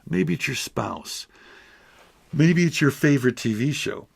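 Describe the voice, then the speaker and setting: A man's voice: a little high, expressive, measured pace, gravelly, breathy edge. A middle-aged man speaking earnestly and emotionally to camera, rambling and restarting as he goes. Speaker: YouTuber. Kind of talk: heartfelt direct-to-camera talk.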